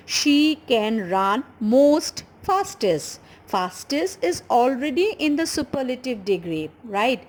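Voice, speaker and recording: A woman teaching an English grammar lesson with an Indian English accent, explaining patiently and slowly repeating key words. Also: mid-range voice, darkish tone, low-quality recording.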